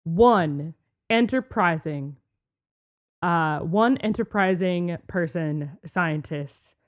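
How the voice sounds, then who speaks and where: A woman co-hosting a podcast, chatting casually and explaining with a lively, laughing manner. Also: on the low side, drawn-out words. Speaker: podcast co-host. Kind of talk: casual chat.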